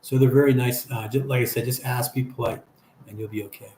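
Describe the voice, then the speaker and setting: A man's voice: medium pitch, steady tone, fairly quick, mellow. Older man chatting through a live stream. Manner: chatty, reads viewer comments aloud and answers them. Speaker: livestream host reading chat. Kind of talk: casual chat. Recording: echoey room with faint background hum.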